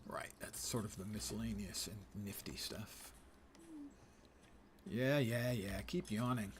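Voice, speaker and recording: Male streamer on the lower side, laid-back gameplay commentary with wry self-talk, over audible background noise. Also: slow. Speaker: game streamer.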